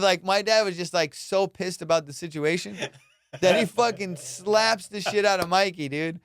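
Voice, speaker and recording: A man's voice: moderate pace, clean tone, no room sound. A young man, a comedian, telling a profane childhood story casually and acting out the voices of the people in it. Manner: profane, animated, acts out quotes with loud high jumps. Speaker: comedian podcast host.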